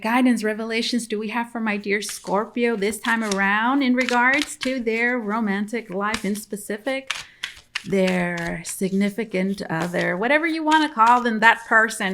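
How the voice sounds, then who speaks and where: A woman gives a casual tarot reading to camera, and her voice sits a little high. She is chatty and repeats herself, addressing her viewers directly. A faint hiss runs under the recording. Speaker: tarot reader.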